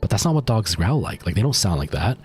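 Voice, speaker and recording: A man's voice: on the low side, sing-song, quick pace, darkish tone, husky. A man livestreaming a game, chatting casually and rambling to his chat while he plays. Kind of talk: casual gameplay stream chat.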